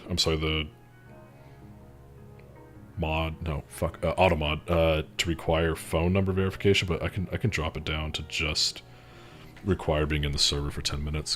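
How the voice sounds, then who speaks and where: A deep-voiced man streams from a home setup with a desk mic and chats casually with his audience. He rambles through stories full of swearing and mockery, laughing at his own jokes. Soft music plays faintly behind him. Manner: rambling, profane storytelling, mocking and laughing. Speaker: streamer moderating a Discord community. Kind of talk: casual livestream chat.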